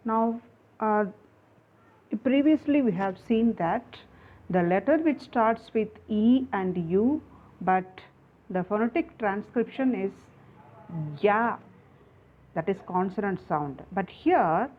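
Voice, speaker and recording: A woman teaching an English grammar lesson online, explaining slowly and repeating herself with many fillers. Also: mid-range voice, animated. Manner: slow, repetitive explaining with many fillers and restarts. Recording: phone-like narrow sound.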